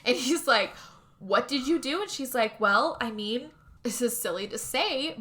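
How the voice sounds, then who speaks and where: A woman's voice: on the high side, animated, measured pace, sharp tone. A woman co-hosting a podcast, casually retelling a film's plot and acting out the characters' lines, with some swearing. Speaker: podcast co-host. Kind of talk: casual movie recap chat.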